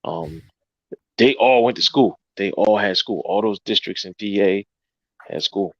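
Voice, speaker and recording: A man co-hosting a podcast, reminiscing in a relaxed way with many pauses and fillers. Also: lowish voice, dry recording, muffled recording. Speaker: podcast co-host. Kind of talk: casual chat.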